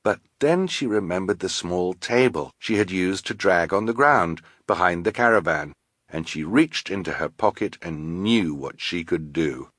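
Male narrator, lowish voice, measured storytelling, dry close sound. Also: animated, a bit bright, dry recording. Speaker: audiobook narrator. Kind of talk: scripted narration.

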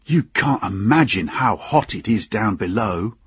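A man voicing a tipsy young ship engineer who complains loudly with slightly slurred speech in a husky voice. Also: fairly low pitch, expressive, measured pace, no room sound, clean studio sound, exaggerated voice. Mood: grumbling. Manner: slurred, loud, cheeky.

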